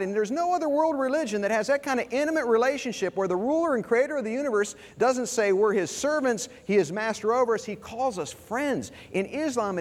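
A middle-aged man preaching a sermon as pastor, telling folksy stories with humor. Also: high-pitched. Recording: long reverb of a large hall.

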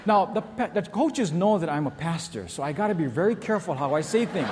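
A middle-aged pastor delivers a storytelling sermon at a quick pace with hardly any pauses, his voice high-pitched. He animatedly acts out the people in his stories, shouts and kids' voices included. The setting is a large hall in a church, with a noisy background.

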